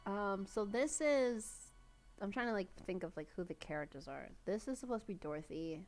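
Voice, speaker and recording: A woman's voice: fairly low pitch, expressive, quick pace, a little mellow. A woman streamer chatting casually while playing a game, giggly and swearing freely. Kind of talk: casual gameplay commentary. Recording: game music behind.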